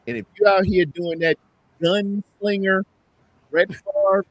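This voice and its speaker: A man in casual sports podcast chat, talking in an animated, repetitive, heated way. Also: sits high, takes it slowly.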